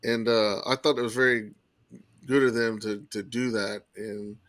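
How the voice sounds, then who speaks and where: Animated man telling a story, dry sound. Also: fairly low pitch, moderate pace, dry recording. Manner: animated, emphatic retelling with acted quotes. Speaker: podcast guest telling a story. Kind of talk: casual storytelling.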